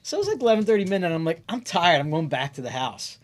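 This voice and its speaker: A man's voice: a little high, sing-song, fast. A middle-aged man co-hosting a casual beer podcast, telling stories in a wry, teasing way. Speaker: podcast co-host. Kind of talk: casual chat.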